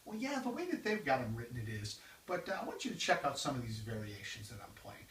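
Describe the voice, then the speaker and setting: A man giving a drum lesson, explaining exercises and counting them off loudly. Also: mid-range voice, very animated, quick pace, slight background noise. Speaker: drum teacher. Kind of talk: instructional demonstration. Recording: roomy, distant mic with loud drumming. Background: drums.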